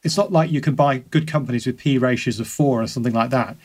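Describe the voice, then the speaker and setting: A man talking casually and quickly as a podcast guest, often repeating words as he thinks. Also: mid-range voice. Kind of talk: casual conversation.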